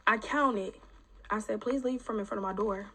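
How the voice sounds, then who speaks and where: A woman telling her own story in a casual, animated, profane and blunt way. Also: mid-range voice, moderate pace.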